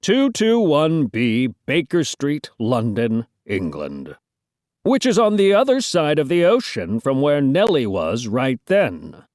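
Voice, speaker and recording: A woman's voice: extremely low pitch, huge pitch swings, slow pace, darkish tone, dry recording, clean studio sound. A woman reading a children's storybook aloud, playful, with joking asides to listeners.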